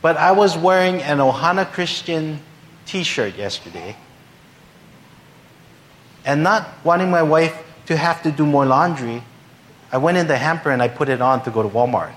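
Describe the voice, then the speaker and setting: A man's voice: a little high, lively intonation, moderate pace, long pauses. A male pastor telling a humorous story in a sermon, acting out the voices of the people in it. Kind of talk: sermon anecdote.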